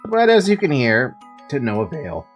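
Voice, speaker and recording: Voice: medium pitch, wildly swooping pitch, normal speed, soft background music. Streamer voicing a pompous eccentric male detective. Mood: grandiose. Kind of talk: reading game dialogue aloud.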